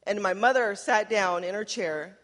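A woman's voice: mid-range voice, moderate pace. A woman from Los Angeles giving an emotional, conversational sermon, often asking "right?". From Los Angeles, USA. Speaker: speaker. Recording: hall reverb.

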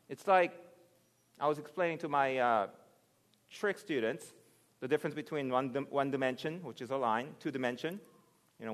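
A man preaching a sermon, reasoning aloud and building to loud, emphatic passages. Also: mid-range voice. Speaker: pastor. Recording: long hall reverb.

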